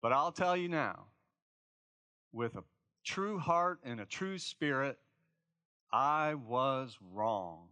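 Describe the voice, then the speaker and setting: A man's voice: mid-range voice, lively intonation, slow pace, pauses often, bright, forceful tone, smooth, no room sound. A man voicing a proud, candid elderly Southern grandmother who speaks frankly and insistently. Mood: tender.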